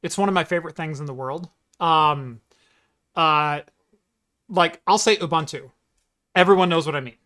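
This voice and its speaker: A man's voice: a little high, normal speed, pushed and bright. A man co-hosting a casual tech podcast, reading labels aloud and mock-ranting about pronunciation. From United States. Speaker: podcast co-host. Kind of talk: casual chat.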